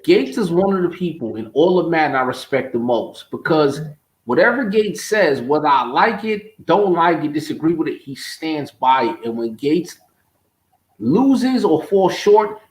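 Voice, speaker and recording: A man's voice: a little high, sing-song, measured pace, reverberant. A man co-hosting a live gaming talk show, talking trash in a profane, emphatic way. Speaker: show co-host. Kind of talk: trash-talking casual chat.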